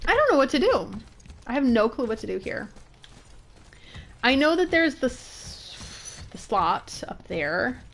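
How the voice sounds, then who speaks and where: A woman's voice: high-pitched, sing-song, measured pace, long pauses, slight background noise. A young woman chatting casually while playing a video game, laughing and thinking aloud when puzzled. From northern United States. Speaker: streamer. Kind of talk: casual gameplay commentary.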